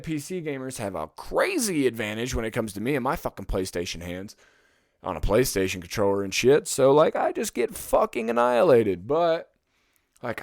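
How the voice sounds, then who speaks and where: Young guy ranting on his podcast, swears a ton, mid-pitched, dry close sound. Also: dry recording. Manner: profane, rambling, gets loud and heated when ranting. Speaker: podcast host. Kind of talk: casual solo podcast chat.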